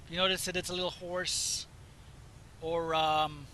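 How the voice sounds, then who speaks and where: A man from the Southwest United States, chatting casually and meandering as he plays a driving game, his voice slightly hoarse. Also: a little high, level tone, measured pace, sharp tone, slight background noise, low-quality recording. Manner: chatty, meandering, self-interrupting. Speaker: gaming video host. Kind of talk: casual rambling commentary while playing.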